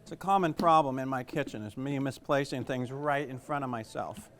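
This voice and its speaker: A man's voice: mid-range voice, brisk, heavy background noise. A middle-aged man, a chef, giving a casual cooking demonstration in a chatty, rambling way and joking at his own expense. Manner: chatty, rambling, jokes at himself.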